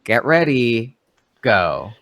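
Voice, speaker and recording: A man's voice: medium pitch, sing-song, very slow, a bit bright. A man running a live-streamed tabletop game as game master, wry and joking in a laid-back way.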